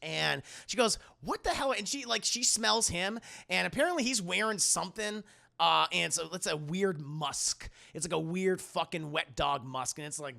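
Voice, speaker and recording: A man with a fairly high, bright and gravelly voice talks through a film on his live stream. He chats loosely to his viewers, swears freely and keeps slipping into acted bits of the scenes. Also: normal speed. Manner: animated retelling, acting out scenes with laughs and swearing. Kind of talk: casual live-stream commentary to chat.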